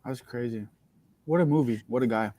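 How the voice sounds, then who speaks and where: A man's voice: medium pitch, a little fast, dark tone, dry recording. A man co-hosting a casual sports podcast, emphatic and repetitive when he argues a point. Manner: emphatic, repeats himself in denials. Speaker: podcast co-host.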